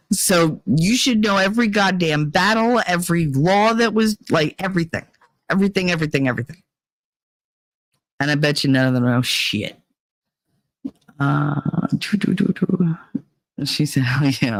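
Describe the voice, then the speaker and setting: A livestream host talks in a loose, rambling way, swearing freely and humming little filler tunes between thoughts. The voice has a gravelly fry at mid pitch. It sounds close and dry, with no room around it. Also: no room sound, poor audio. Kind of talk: casual rambling chat to a live chat.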